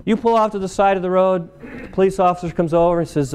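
Preacher guy telling a story in a church meeting, keeps asking right?, mellow tone. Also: fast talker. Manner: conversational, repeats "right?" to the audience; acts out a traffic stop in a lower voice. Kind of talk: sermon with illustration.

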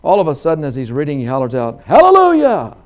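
A middle-aged man preaching a sermon, telling a folksy story, acting out its characters and breaking into loud hallelujahs. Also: medium pitch, rapid-fire.

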